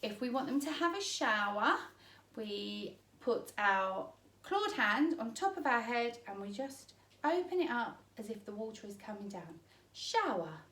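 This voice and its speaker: A woman's voice: on the high side, lively intonation, measured pace, a bit bright. A woman teaching parents basic home signs, explaining each one patiently and often checking in with "okay?". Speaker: sign language teacher. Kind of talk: instructional demonstration for parents. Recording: roomy echo, mic at a distance.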